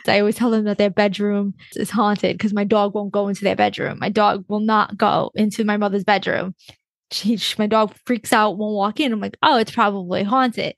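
A woman's voice: mid-range voice, steady tone, a little fast, gravelly, no room sound. A young woman co-hosting a podcast in casual chat, laughing often and restarting her sentences. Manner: chatty, laughs often, many fillers and restarts. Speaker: podcast co-host.

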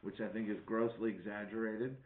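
A man's voice: on the low side, level tone, a little fast. A middle-aged man from Wisconsin telling stories in casual chat, rambling and swearing freely. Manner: profane, rambling storyteller. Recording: echoey room, tinny phone-like sound.

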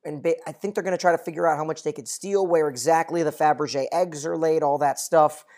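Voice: mid-range voice, fairly even intonation, fast talker, a little mellow. Chatty podcast co-host recapping scenes. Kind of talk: casual TV recap chat.

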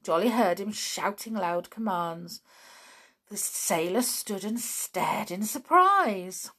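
A woman reads a children's bedtime story aloud, unhurried and gentle. Her pitch rises and falls a great deal, and every line is given expression. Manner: slow, gentle, expressive reading.

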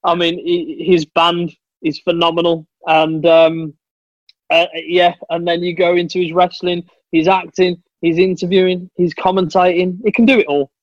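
A man talking as a guest on a casual chat podcast, fairly high in pitch for a man. He tells his stories with eager enthusiasm and keeps calling the host "mate". The audio is dull and lo-fi, and the sound is dry and close. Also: little pitch movement, normal speed, no room sound. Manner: chatty, enthusiastic storyteller, says "mate".

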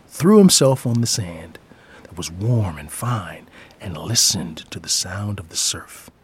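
A man's voice: low-pitched, a little hiss or hum. A father reading his own personal essay aloud in a reflective way, often dropping into a near whisper.

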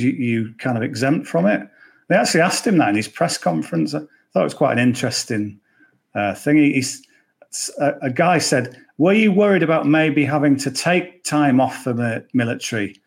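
A man's voice: medium pitch, expressive, a little fast, vocal fry, slightly rough. A man with an English accent, a golf betting pundit chatting casually on a podcast, rambling with jokey asides.

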